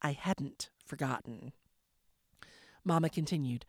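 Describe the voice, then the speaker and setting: A woman host reads a novel aloud in a low voice, steady and clear. She sounds relaxed between chapters, and the close mic sound is very dry. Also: moderate pace, no echo. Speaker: host and audiobook narrator. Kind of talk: audiobook narration.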